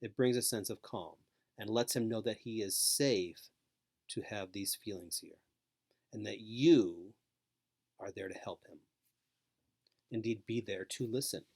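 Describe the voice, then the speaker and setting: A man giving a scripted training lecture to caregivers, speaking slowly with calm, repetitive emphasis. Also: fairly low pitch. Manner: slow, repetitive, soothing emphasis.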